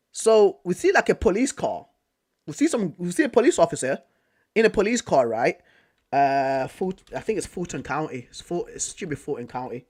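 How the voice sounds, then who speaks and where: A young British man from Manchester, a vlogger telling a story in a casual, animated way, repeating himself and using slang. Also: a little high. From Manchester, England. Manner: animated, repetitive, slangy retelling.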